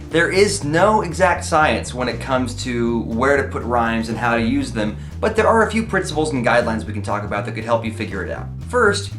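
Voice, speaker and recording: Man, mid pitch, friendly explainer, casual lyric-writing lesson, roomy echo. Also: fairly bright tone. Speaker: comedy songwriter teaching lyric writing. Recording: echoey room, faint music.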